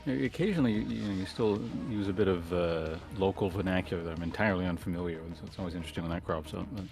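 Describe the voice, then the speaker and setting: A man with a Canadian accent, explaining things in a measured, thoughtful way in casual conversation. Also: deep voice, a little mellow, faint music behind.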